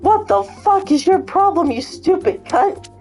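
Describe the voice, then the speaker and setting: Woman doing a high, raised-pitch angry cartoonish plumber man, cursing rants. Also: big pitch swings, a little slow, darkish tone, soft background music, full character voice. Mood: enraged. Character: furious foul-mouthed male game plumber.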